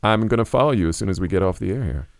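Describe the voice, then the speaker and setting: A man's voice: on the low side, expressive, rapid-fire, vocal fry, dry recording. A man co-hosting a podcast, joking playfully with the guest. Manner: jokey, playful. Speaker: podcast co-host. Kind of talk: casual banter. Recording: loud background noise.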